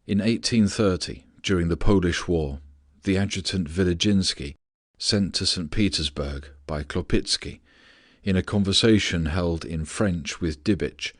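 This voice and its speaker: A man narrating a philosophical audiobook in a measured, steady reading voice. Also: deep voice, dry recording, clean studio sound.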